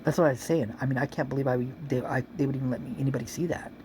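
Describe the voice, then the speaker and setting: A woman's voice: rumbling low, racing, mellow, a little hiss or hum. A woman chatting casually and rambling as she reads out local police reports, at times chewing while she talks. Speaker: vlogger reading police reports.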